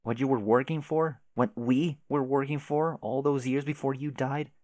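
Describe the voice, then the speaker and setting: A man reading aloud and voicing a patient companion who speaks to a grieving girl in a gentle, hushed, coaxing way. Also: medium pitch, fairly even intonation, normal speed, no room sound, close to an everyday voice.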